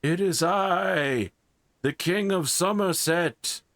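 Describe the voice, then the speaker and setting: A man voicing a pained male king who speaks to the players through a magic axe, in a slow and formal way. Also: sits high, vocal fry, fairly bright tone, dry recording, pitched above the performer's own voice, heavily acted. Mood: regal, grave. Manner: slow, formal, regal speech.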